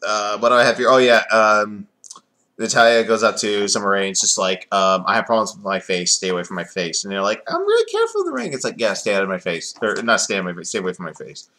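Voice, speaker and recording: A man's voice: fairly low pitch, steady tone, fast talker, bright, forceful tone. Sarcastic, rambling man reviewing wrestling. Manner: rambling, sarcastic, many fillers. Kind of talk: casual review chat.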